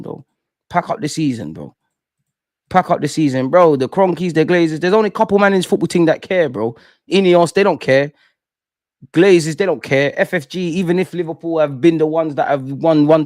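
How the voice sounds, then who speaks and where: A man's voice: fairly high pitch, a little mellow, no room sound, clean studio sound. Impassioned man ranting. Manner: impassioned, repetitive, slangy ranting. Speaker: fan channel host. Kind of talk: emotional fan rant to live stream.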